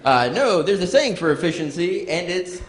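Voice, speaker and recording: A man performing a stand-up comedy set on stage, telling stories with lively asides to the audience. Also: high-pitched, moderate pace, a crowd in the background. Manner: animated storytelling, audience asides. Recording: roomy live venue sound.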